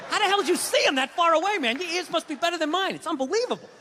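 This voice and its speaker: A man doing a stand-up comedy set on stage, ranting and profane, swinging between low mutters and shouts, with audience laughter. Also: expressive, rapid-fire, hardly any pauses. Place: large theater stage. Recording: live theater, long reverb, audience noise.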